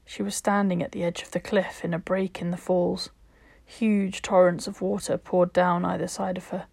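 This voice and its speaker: Calm woman reading a story aloud. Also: on the low side, creaky, slightly rough, dry recording. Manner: calm, measured, sometimes dropping to a whisper. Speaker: narrator. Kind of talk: storybook narration.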